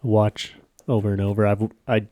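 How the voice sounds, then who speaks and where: A man co-hosting a podcast in easy casual chat, relaxed and quick to laugh. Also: lowish voice, no echo, studio quality. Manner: laid-back, laughs often. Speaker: podcast co-host.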